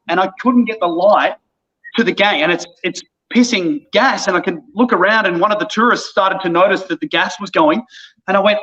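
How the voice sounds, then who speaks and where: A man's voice: high voice, fairly quick. A man, an actor and guest, telling a casual funny anecdote and acting out the voices of the people in it. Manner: animated, acts out quoted voices. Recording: dull lo-fi audio.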